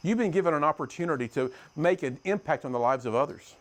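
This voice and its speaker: A middle-aged American youth speaker gives a motivational talk to a youth group, telling stories and swinging between loud and hushed. His voice is a little high, and he's animated and quick.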